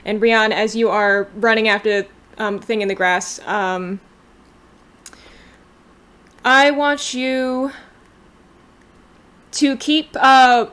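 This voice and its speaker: A woman's voice: on the high side, slow pace, long pauses, fairly bright tone, clear, resonant tone. Woman game master narrating a scene. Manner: loose, descriptive scene-setting.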